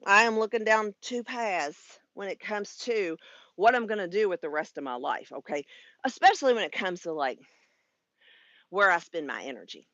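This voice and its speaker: A woman in her fifties hosts a casual live stream with a bright, lively voice that swings up and down as she talks. She is frank, swears easily and laughs a lot. The sound is dry and a little dull. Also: mid-range voice, moderate pace, dry recording. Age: 50s. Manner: chatty and frank, swears freely, laughs often. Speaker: spiritual life coach and YouTube live host. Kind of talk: casual livestream monologue.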